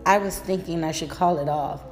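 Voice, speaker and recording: A woman's voice: lowish voice, fairly quick, big-room sound, soft background music, natural voice. A woman voicing a shy, nervous young woman before her first date in a read-aloud story. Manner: hesitant and anxious.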